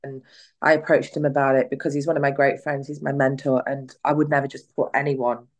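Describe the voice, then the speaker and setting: Woman, low pitch, chatty storyteller, quotes conversations. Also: fairly quick. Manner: chatty, animated retelling with quoted dialogue. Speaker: guest, clinic owner and cosmetic nurse. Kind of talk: casual storytelling in a podcast interview.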